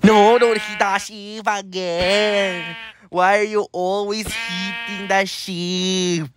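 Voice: medium pitch, steady tone, takes it slowly, background noise. A narrator of a comedy video giving repetitive scolding commentary over gameplay, repeating the same warnings over and over.

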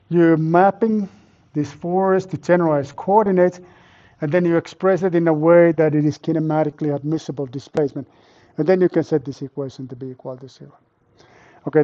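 A man's voice: a little high, mellow, dull audio. A man lecturing a university class live, explaining step by step and quizzing and teasing his students. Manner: quizzes students and teases them. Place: lecture hall with a live audience.

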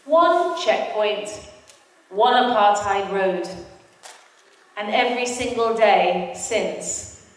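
A British woman giving a personal testimony talk as guest speaker, a lively storyteller who acts out the voices of the people in it. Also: medium pitch, slow pace, long pauses. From Britain. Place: large hall, mosque event. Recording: echoey hall from far off.

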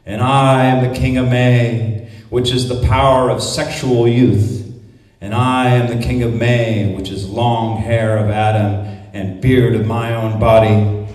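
A man recites poetry in a declamatory, chant-like way, leaning into repeated refrains. His voice sits at an ordinary middle pitch. It carries through a large echoing hall with a long reverb tail, and the mic is set well back from him. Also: flat delivery, unhurried, darkish tone. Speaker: poet reading at a conference. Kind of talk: poetry reading. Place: conference hall. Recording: echoey hall, mic at a distance.

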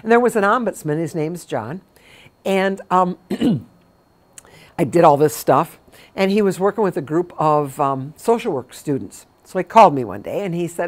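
A middle-aged woman with a low-pitched voice speaks to a small group of caregivers. She talks in a chatty, anecdotal way, acting out the dialogue in her stories. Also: animated, fairly quick. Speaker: memory care consultant. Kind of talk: talk to caregivers.

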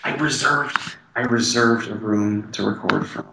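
A man's voice: on the low side, a little slow, vocal fry. A man co-hosting a podcast, crude and silly in casual chat. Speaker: podcast co-host. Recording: echoey room with faint noise.

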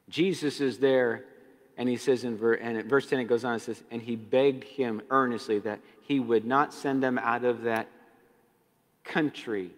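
A man preaching a sermon, impassioned, often repeating words and dropping from loud to hushed. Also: medium pitch, steady tone, normal speed. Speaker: pastor. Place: church sanctuary. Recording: long church hall reverb.

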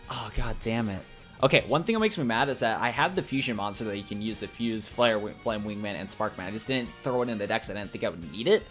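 A young man giving live, excitable commentary on a card game he is playing, thinking aloud and trash-talking his opponent. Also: medium pitch. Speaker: let's play gamer.

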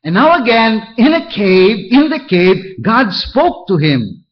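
Slow deliberate preacher, muffled recording. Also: male voice, sits high, very animated. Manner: slow, deliberate, walks through verses point by point. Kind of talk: expository sermon reading scripture. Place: church.

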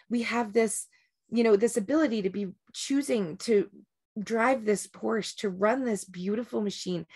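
A woman's voice: a little high, a little mellow. A woman giving a casual, rambling talk on breaking habits before a group meditation, often restarting and checking in with "right?".

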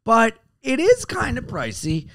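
A man's voice: extremely high pitch, wildly swooping pitch, unhurried, sharp tone, no echo, studio quality. A man co-hosting a comedy podcast in casual chat, joking and laughing often.

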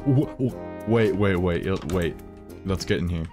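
A man giving casual let's-play commentary, excitable and swearing constantly. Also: low-pitched, a little slow. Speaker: gamer. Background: game music.

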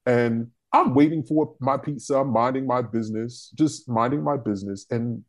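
Husky-voiced man telling a heated story. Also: mid-range voice, moderate pace. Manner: profane, animated and emphatic. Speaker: panel discussion regular. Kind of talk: casual storytelling on a discussion panel.

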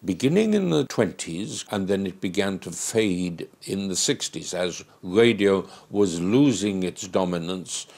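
Older man, interview, ex-radio performer; low creaky voice, reflective. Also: animated, a little mellow. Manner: reflective, with pauses and fillers. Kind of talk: documentary interview.

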